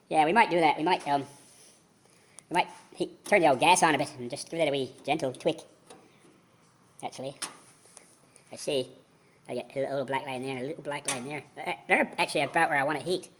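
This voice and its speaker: A man's voice: fairly high pitch, brisk, long pauses, fairly bright tone, slight background noise. A man joking to himself while giving casual commentary on restoring a car in his home garage.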